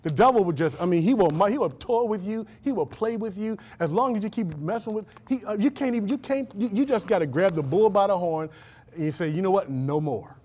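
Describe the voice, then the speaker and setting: A middle-aged pastor preaching a sermon in a folksy way, with laughing asides and questions to the congregation. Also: male voice, high-pitched, expressive, a little fast, a little mellow.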